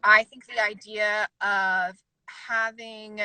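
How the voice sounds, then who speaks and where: Bright candid woman, casting director. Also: medium pitch, flat delivery, clear, resonant tone, no room sound, poor audio. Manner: candid, emphatic, fast-talking with asides. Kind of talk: casual advice chat on a livestream. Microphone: video call.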